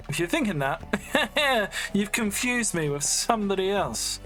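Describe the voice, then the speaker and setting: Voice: mid-range voice, sing-song, unhurried, pushed and bright, soft background music. A YouTuber with an English accent gives casual, rambling gameplay commentary at home, full of fillers and self-mocking asides. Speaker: Minecraft YouTuber. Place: home room with a fan running.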